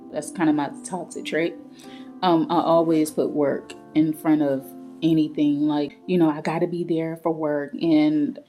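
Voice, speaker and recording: A woman tells a personal story in a chatty, unscripted way. Her voice sits a little low and sounds mellow and warm. Soft guitar music plays quietly behind her. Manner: chatty, retelling with quoted dialogue. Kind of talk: casual storytime vlog.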